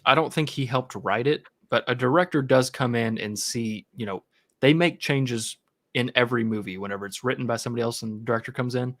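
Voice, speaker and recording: Mid-pitched guy cohosting a live movie chat, rambly and relaxed. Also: brisk. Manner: rambling, many fillers and restarts. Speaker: podcast co-host.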